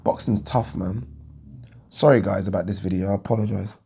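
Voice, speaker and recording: A man's voice: lowish voice, steady tone, a little fast, vocal fry, dark tone, slightly rough. A young man giving a rambling, casual reaction to a boxing fight as a vlogger, thinking aloud and restarting his sentences.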